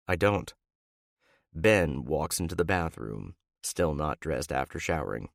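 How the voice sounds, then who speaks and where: A man narrating a romance audiobook in first person with an expressive, dramatic delivery. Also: rumbling low, a little slow, creaky, no echo, studio quality.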